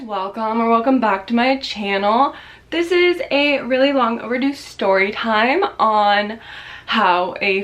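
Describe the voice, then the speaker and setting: Young adult woman, casual vlog storyteller, fairly high pitch, filler-heavy chat, slight ambient noise. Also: a bit bright. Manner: chatty, lots of "like" fillers, acts out quotes in shrill high voices. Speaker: vlogger.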